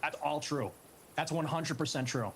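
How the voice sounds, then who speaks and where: A man's voice: a little high, moderate pace, a bit bright, a little hiss or hum. A man being interviewed, giving blunt, defiant answers. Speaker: interview guest. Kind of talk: broadcast interview.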